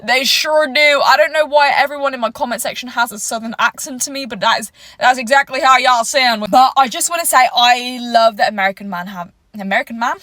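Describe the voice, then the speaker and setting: A woman with a high, bright voice chats playfully and teasingly to camera. The sound is close and dry, with no room behind it. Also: quick pace, hardly any pauses, no room sound. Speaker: vlogger. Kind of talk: casual vlog to camera.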